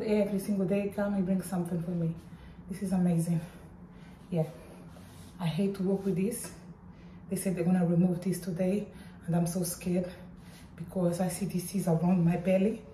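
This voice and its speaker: A middle-aged woman vlogging casually in while in pain after surgery, talking in a strained, halting way with groans. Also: medium pitch, dark tone, recorded from a distance, slight background noise. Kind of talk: casual vlog. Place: hospital room. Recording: echoey room, voice off-mic at times.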